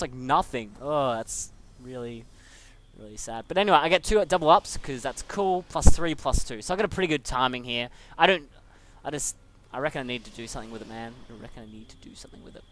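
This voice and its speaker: A man's voice: medium pitch, expressive, brisk, fairly bright tone. A young man casually commentating a replay of his own match, chatty and self-mocking.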